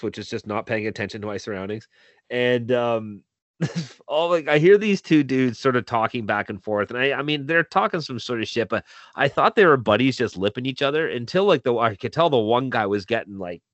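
A man's voice: mid-range voice, fairly bright tone, no room sound, muffled recording. A man co-hosting a casual chat over a video call, telling stories with a lot of swearing and laughter. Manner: profane, laughing storyteller. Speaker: podcast co-host.

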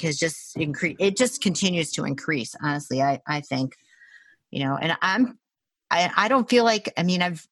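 A woman's voice: low-pitched, a bit bright, no echo. A woman who works as a Reiki practitioner, telling a story casually in a conversation. She talks animatedly, laughs often and uses many fillers. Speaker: Reiki practitioner and intuitive healer.

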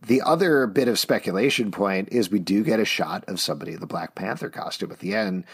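A husky, low-sounding man in his thirties speaks fairly quickly as a podcast co-host. Casual and eager, he keeps chuckling, bringing animated enthusiasm to the discussion.

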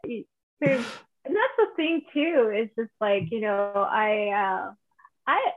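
A woman from northern New Mexico chatting casually, rambling with many restarts and lively quoting. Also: mid-range voice, slow. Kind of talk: casual conversation. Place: home in Santa Fe. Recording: phone-like video call audio.

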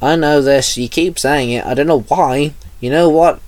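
A man's voice: mid-range voice, moderate pace, no room sound, lightly acted. A man voicing a reluctant, irritable young man chosen as a gods' avatar in a storybook reading. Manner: irritable, snappy.

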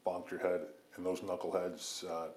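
A man's voice: sits low, monotone, moderate pace, a little mellow, echoey room. A man co-hosting a podcast, reacting to a story with short, blunt comments. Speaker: podcast co-host. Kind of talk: casual chat.

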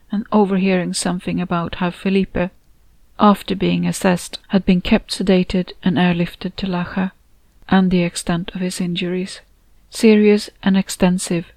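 A woman reading her own story aloud in a measured, steady storytelling voice. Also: fairly low pitch, dry recording. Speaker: author and narrator. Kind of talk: audiobook narration.

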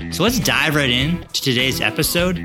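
A man hosting a podcast, reading a scripted introduction and then asking his guest questions in a brisk, friendly way. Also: fairly high pitch, music in the background. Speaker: podcast host.

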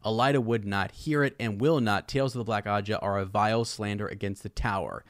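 A man's voice: lowish voice, fairly quick, no echo, studio quality, close to an everyday voice. A man reading the lines of a cold, commanding female sorceress from a fantasy book aloud, in a plain reading voice.

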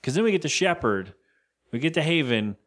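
A man's voice: fairly high pitch, big pitch swings, a little fast, a bit bright. Casual man recapping a movie. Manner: loose and profane, retells scenes with quoted lines. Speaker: podcast co-host.

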